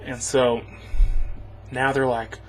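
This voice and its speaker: A man's voice: mid-range voice, little pitch movement, slow, a little hiss or hum, poor audio. A man casually recapping a movie for a review, rambling and sarcastic, chuckling often.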